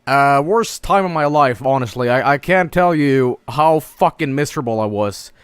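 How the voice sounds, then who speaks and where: A young man casually telling stories on a stream, halting and swearing, breaking into laughter. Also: mid-range voice, expressive, clear, resonant tone, no room sound. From Sweden.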